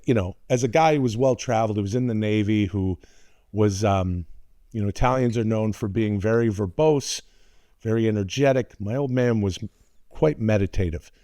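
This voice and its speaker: A man's voice: fairly low pitch, normal speed, mellow, no echo, studio quality. A man in his forties telling a rambling, profane story on a casual podcast, slipping into voices of his relatives. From North America. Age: 40s. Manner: rambling, swearing, restarts, put-on voices for relatives. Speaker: podcast co-host.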